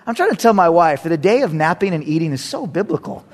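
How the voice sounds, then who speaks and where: A male pastor with a notably high-pitched voice delivers a sermon. He tells the story with animated energy and acts out the characters. He moves between forceful emphasis and hushed, intimate asides. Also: fast talker. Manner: swings between loud emphasis and quiet asides.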